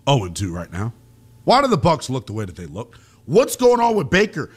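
A man's voice: fairly high pitch, very animated, measured pace, fairly bright tone. A man hosting a call-in sports radio show, talking bluntly in loose slang.

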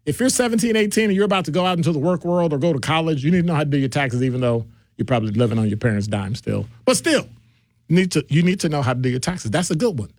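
A middle-aged man hosting a call-in radio show, his voice swooping widely as he rambles from point to point. He sits a little high for a man, and the studio sound is close and dry. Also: quick pace, no room sound. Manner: animated, digressive, jumps between deep and high voices. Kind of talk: casual call-in radio talk. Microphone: studio microphone.

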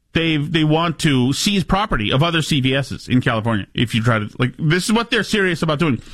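Male talk host, higher register, sarcastic and animated, dry close sound. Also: no room sound. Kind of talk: opinionated political commentary.

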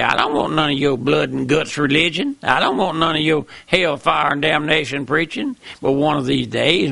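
An older man preaching a fiery sermon, with impassioned, repetitive emphatic calls and a gravelly voice. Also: medium pitch, bright, forceful tone, no room sound.

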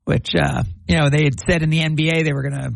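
A man's voice: a little high, little pitch movement, fast talker, vocal fry. A man hosting a sports podcast, chatting casually and reading out live match updates. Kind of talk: casual sports talk and commentary.

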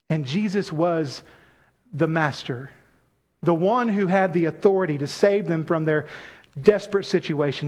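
A man preaching a sermon as pastor, speaking in an animated way and calling on his congregation to respond. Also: high voice.

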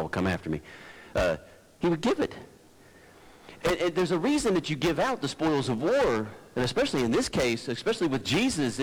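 Male pastor, chatty sermon, low-key folksy delivery, headset mic close to the mouth. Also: rough recording. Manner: low-talking, folksy, digressive, stumbles and restarts. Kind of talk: conversational sermon.

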